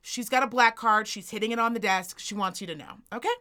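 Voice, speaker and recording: Sassy, bright-voiced woman storyteller. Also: mid-range voice, quick pace. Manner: profane, sassy, animated storyteller. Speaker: podcast co-host. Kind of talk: comedic storytelling chat.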